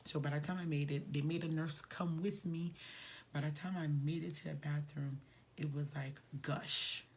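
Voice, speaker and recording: Gravelly-voiced woman telling a personal story. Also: low-pitched, fairly even intonation, normal speed, a little hiss or hum. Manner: casual, conversational, drops to a near whisper at times. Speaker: vlogger.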